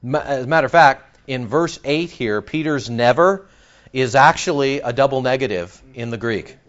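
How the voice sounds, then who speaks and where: A man preaching an expository sermon in a conversational, animated way, joking with the congregation. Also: mid-range voice, normal speed, lo-fi sound. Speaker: pastor.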